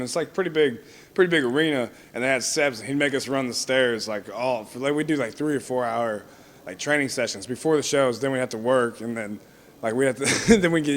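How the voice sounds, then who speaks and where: A man's voice: medium pitch, a bit bright. A young man in a casual interview, rambling through stories with lots of fillers and frequent laughter. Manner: rambling, heavy on fillers like "you know what I mean"; laughs often while telling stories. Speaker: wrestler being interviewed.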